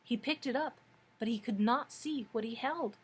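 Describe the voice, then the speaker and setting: A librarian reading a children's book aloud at a steady, expressive pace. Her voice is fairly high, with a soft husky edge. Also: moderate pace.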